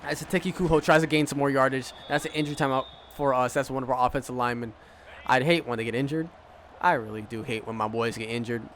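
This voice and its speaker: A man's voice: mid-range voice, quick pace, fairly bright tone, a little hiss or hum. A man streaming a football video game, giving casual play-by-play commentary full of trash talk and swearing. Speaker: gaming streamer.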